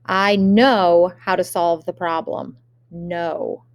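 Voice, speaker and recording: This is a woman teaching spelling at a distance, her voice mid-range. She dictates the words in a slow, careful way and pairs them with example sentences.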